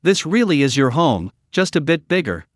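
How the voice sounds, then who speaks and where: A man doing a calm, obliging young female assistant in a storybook recap, polite and efficient. Her voice has a lively, rising and falling pitch. It sounds dry and close, with no room around it. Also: moderate pace, dry recording. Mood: respectful.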